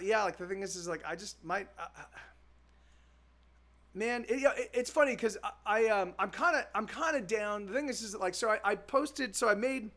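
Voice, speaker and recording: A man's voice: on the high side, a bit bright. A young man chatting on his music livestream, rambling in frustration with lots of restarts, fillers and swearing. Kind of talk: casual livestream chat.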